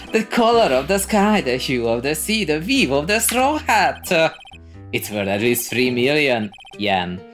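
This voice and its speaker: Woman playing a blustery old lawyer, lively swoops, grand theatrical drawl. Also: low-pitched, soft background music, pitched above the performer's own voice, heavily acted. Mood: boastful. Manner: grand, drawn-out theatrical delivery. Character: pompous old male lawyer, evasive and blustery.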